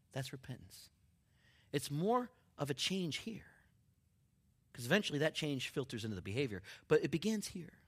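A man preaching a sermon in a conversational, humorous way, dropping to near-whispers and then rising to excited shouts. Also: a little high, fairly quick. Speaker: pastor.

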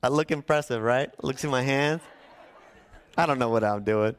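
Smooth-voiced pastor preaching a sermon. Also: male voice, mid-range voice, some chatter behind. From Southern California. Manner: animated storytelling, shifts between fast and slow.

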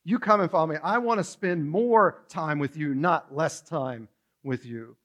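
A man preaching a sermon from a stage, lively and acting out the story, with some stammered restarts. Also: fairly high pitch, measured pace. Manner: animated, acts out dialogue, some stammering restarts. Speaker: pastor. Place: church stage.

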